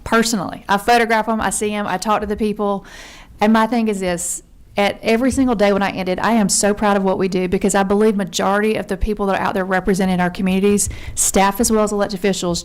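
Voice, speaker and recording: A woman's voice: medium pitch, smooth. A woman from Georgia giving earnest, conversational testimony before a legislative committee as a member service consultant. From Georgia, USA. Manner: earnest, conversational, says y'all.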